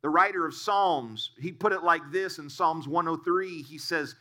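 A male pastor preaching in a bright, forceful voice that sits a little high. He tells stories earnestly in a sermon. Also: moderate pace, few pauses. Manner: storytelling, earnest.

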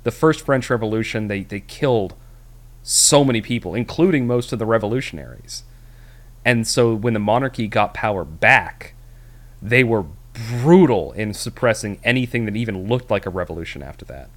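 A low-pitched man chatting casually as a podcast co-host, recapping a film. He rambles, trails off and restarts often, filling gaps with "um" and "like.". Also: animated, normal speed. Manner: rambling, many fillers and restarts. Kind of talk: casual movie review chat.

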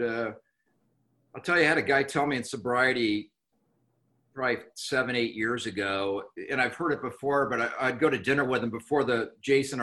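A middle-aged man telling his own recovery story candidly, halting with many restarts and wry laughs. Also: mid-range voice, a bit bright. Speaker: recovering alcoholic guest.

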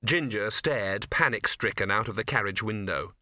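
A man's voice: fairly low pitch, moderate pace, no room sound, clean studio sound. A man reading a comic fantasy novel aloud as an audiobook narrator, giving each character a voice. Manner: lively, voices many characters. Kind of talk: scripted narration.

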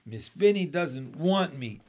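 A man's voice: on the high side, expressive, takes it slowly, darkish tone. A man voicing a feisty little kindergarten girl in a storybook reading, indignant and plaintive.

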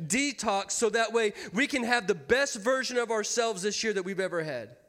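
A man's voice: high voice, expressive, moderate pace, a bit bright. A man in his thirties preaching a sermon as pastor, folksy and joking with his congregation. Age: 30s. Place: church sanctuary. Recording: long hall reverb.

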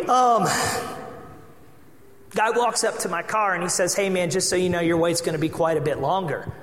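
A man preaching a sermon as pastor, telling a personal story with lively acted-out dialogue. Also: high voice. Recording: echoey hall with long reverb.

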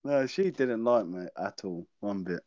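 Animated young guy, lo-fi sound. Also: lowish voice, measured pace. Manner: animated, acts out quoted voices, swears freely. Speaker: guest, childhood friend. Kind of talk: casual storytelling chat. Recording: dull lo-fi sound.

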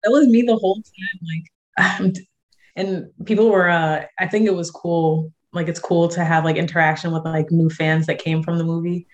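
Young woman, low voice, chatty, filler-heavy, casual interview guest. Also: level tone, normal speed. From San Diego, USA. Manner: chatty, lots of fillers, laughs easily. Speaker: guest musician and actress.

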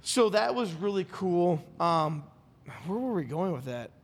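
A man hosting a podcast, telling a story in a rambling, animated way and acting out what people said. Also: high voice, a little slow. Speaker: podcast host. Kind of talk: casual storytelling chat. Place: studio.

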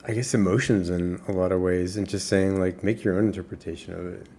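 A man's voice: sits low, steady tone, a little fast, mellow, a little hiss or hum. A man co-hosting a podcast, chatting casually about music in an easygoing way, with short replies and laughs. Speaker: podcast co-host.

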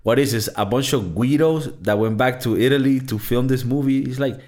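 A man's voice: medium pitch, a little fast, darkish tone. A man co-hosting a casual movie review podcast, talking loosely, joking and swearing. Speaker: podcast co-host.

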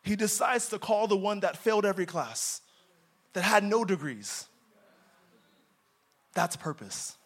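A young man preaching in a church, his voice sitting high for a man. He leans hard on key words and then drops to quiet, intimate asides, reading scripture with dramatic force. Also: expressive, a little slow, long pauses. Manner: dramatic, swings from loud emphasis to quiet asides. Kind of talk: sermon.

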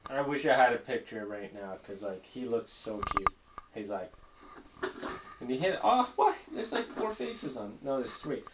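A man's voice: mid-range voice, very animated, normal speed. A man co-hosting a casual podcast who rambles through an amused story. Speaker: podcast co-host. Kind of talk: casual chat. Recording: echoey room with faint noise.

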